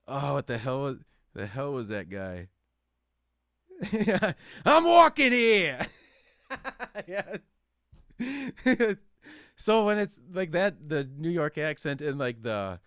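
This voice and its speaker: Smooth-voiced Midwestern man ranting profanely. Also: on the high side, no echo, studio quality. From Wisconsin, United States. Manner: profane, ranting, heavy swearing. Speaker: podcast host. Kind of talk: casual chat.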